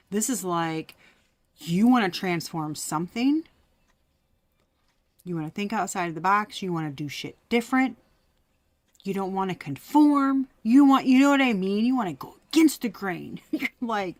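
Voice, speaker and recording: A woman's voice: medium pitch, no room sound. A woman giving a casual tarot reading, chatty and profane, laughing often and sometimes dropping to a whisper. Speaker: tarot reader.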